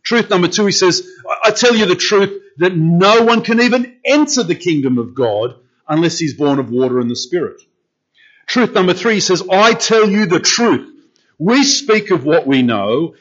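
Man, pastor, conversational sermon, asks the room questions, repeats himself while thinking, higher voice, dull recording.

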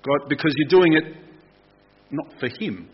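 An Australian man, a pastor, giving a lively, conversational sermon and asking the congregation questions. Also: a little high, unhurried, breathy edge, dull audio.

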